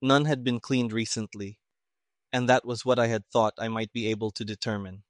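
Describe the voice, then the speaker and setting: A man voicing a calm, shrewd male detective who speaks quietly and precisely. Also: mid-range voice, moderate pace, dry recording, clean studio sound, lightly acted.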